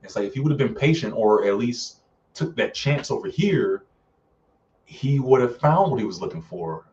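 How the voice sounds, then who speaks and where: A man's voice: mid-range voice, sing-song, moderate pace, darkish tone, recorded from a distance, highs cut off, slight background noise. A man reviewing films in a casual live stream, chatty and full of fillers, often acting out characters' lines. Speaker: film reviewer.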